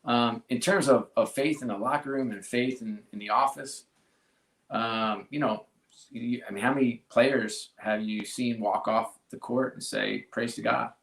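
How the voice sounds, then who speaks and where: A middle-aged man speaking candidly as an interview guest, earnest and halting, often restarting his sentences. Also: medium pitch, steady tone, creaky, a bit bright, roomy sound. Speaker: sports team executive, guest.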